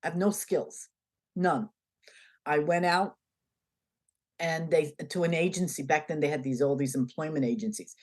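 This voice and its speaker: A woman with a deep voice, talking at normal speed with long pauses, is an interview guest relating a story conversationally. She animatedly acts out the dialogue in her tale.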